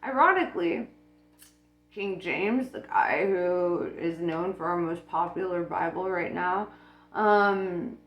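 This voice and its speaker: Woman, unhurried casual monologue, frank and profane, laughs a lot, roomy sound. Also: lowish voice, muffled recording. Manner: blunt, swears freely, laughs often. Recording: echoey room with faint music.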